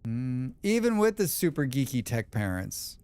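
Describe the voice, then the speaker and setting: A man's voice: medium pitch, big pitch swings, moderate pace, darkish tone, clear, resonant tone, no echo. A man streaming a game, chatting casually and answering chat with rambling, opinionated remarks. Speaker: livestream gamer. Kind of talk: casual livestream chat reading chat.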